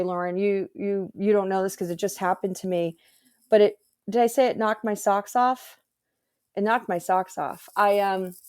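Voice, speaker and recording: A woman, guest and energy healer, telling a personal story in an animated, earnest way on a video call. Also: mid-range voice, dry recording, studio quality. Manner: animated, earnest, rambling with fillers. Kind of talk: casual storytelling conversation.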